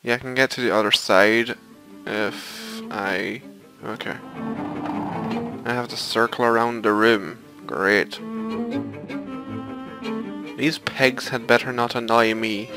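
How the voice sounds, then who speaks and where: Gravelly, sweary man narrating a game. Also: medium pitch, expressive, slow, pauses often, rough recording. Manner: sweary, exasperated, muttering to himself. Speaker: let's play host. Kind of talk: profane gaming commentary. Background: violin game music.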